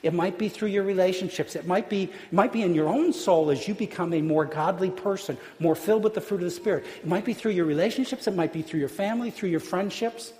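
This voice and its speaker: High-voiced preaching man in a reverberant hall. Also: fast, hardly any pauses. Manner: earnest, emphatic preaching with hushed dips. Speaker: pastor. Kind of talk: sermon. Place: church sanctuary.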